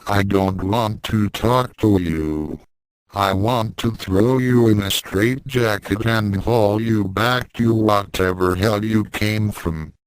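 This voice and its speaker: A man's voice: lowish voice, slow, smooth, no room sound, poor audio. A man reading as a guilty, hot-tempered young fighter. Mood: angry. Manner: defensive, frustrated. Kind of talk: audiobook reading of fan fiction.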